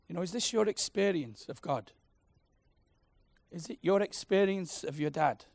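A man preaching, passionate and personal, swinging from loud declarations to soft, intimate prayer. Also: sits high, normal speed, gravelly, pauses often, no echo. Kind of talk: sermon.

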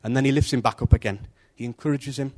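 A man's voice: mid-range voice, quick pace. A man giving an informal devotional talk in a conversational, storytelling manner. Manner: conversational, animated, acts out story voices. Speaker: preacher.

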